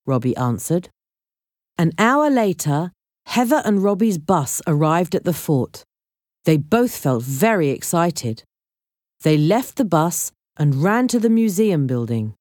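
Woman reading a storybook, lively and dry. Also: unhurried, no room sound. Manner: reads all characters herself, lifting pitch for quoted lines. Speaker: audiobook narrator. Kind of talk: scripted storybook narration.

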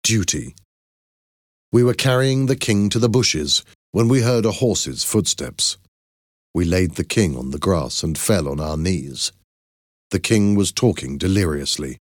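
A man narrating a first-person adventure audiobook in a measured, expressive way. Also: low-pitched, no echo, clean studio sound.

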